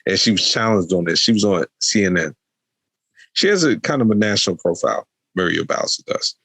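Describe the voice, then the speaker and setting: A man's voice: low-pitched, animated, a little fast, gravelly, fairly bright tone, slightly rough, dry recording. A man co-hosting a podcast in casual chat, rambling with lots of fillers and restarts. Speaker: podcast co-host.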